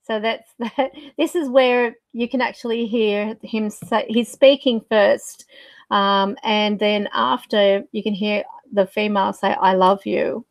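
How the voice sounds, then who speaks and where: A woman's voice: medium pitch, flat delivery, a little slow, dry recording. A woman hosting her own channel, talking casually to camera as a psychic medium, rambling and searching for words with fillers. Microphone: desk mic.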